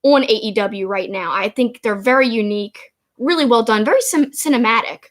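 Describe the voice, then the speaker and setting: A fairly high-voiced woman co-hosts a wrestling recap podcast. She talks in an enthusiastic, chatty way, piling up her opinions on each match. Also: a little fast. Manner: enthusiastic, chatty, quotes promos in put-on voices. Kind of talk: casual recap chat.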